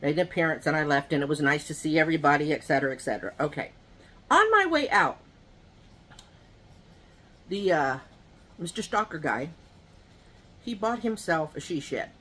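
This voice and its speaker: A woman's voice: low-pitched, brisk. A woman vlogger chatting to her viewers while eating at home, telling rambling, gossipy stories full of asides. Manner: talks to viewers directly. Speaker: mukbang vlogger. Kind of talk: casual chat while eating.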